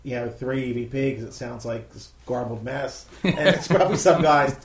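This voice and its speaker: A man's voice: medium pitch, normal speed. A male host chatting casually and easily about ghost hunting. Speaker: podcast host. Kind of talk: casual chat. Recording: roomy with faint background noise.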